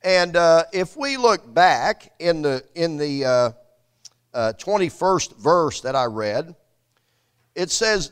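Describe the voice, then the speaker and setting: A male preacher reading scripture aloud and preaching, with a deliberate, slow delivery and frequent fillers in his own remarks. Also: on the high side, expressive, clean tone.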